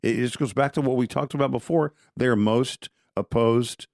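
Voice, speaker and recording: This podcast co-host has a medium-pitched, gravelly, slightly mellow voice at normal speed, captured in clean, dry studio sound. He talks politics casually with strong opinions, conversational and prone to restarting sentences.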